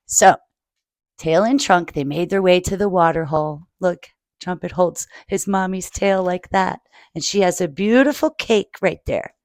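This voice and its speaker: A woman's voice: on the low side, a little mellow, no echo. A woman reading a picture book aloud to children and adding her own asides. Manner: slow, adds asides for children.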